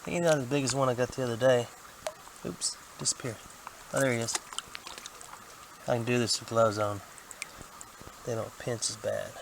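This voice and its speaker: A man giving folksy, excitable commentary to a handheld camera as he metal detects in a creek, a bit out of breath. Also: medium pitch, normal speed, pauses often. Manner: excitable, folksy, talks to camera while working. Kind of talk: casual running commentary while detecting. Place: outdoors in a creek. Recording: outdoor camera audio with clear background noise.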